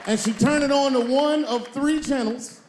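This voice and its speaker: A middle-aged man doing profane, animated stand-up storytelling on stage before a live audience. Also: very high voice, normal speed, slight background noise. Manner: animated, profane, acts out voices. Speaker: stand-up comedian. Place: comedy stage before a crowd. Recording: live club set with loud audience.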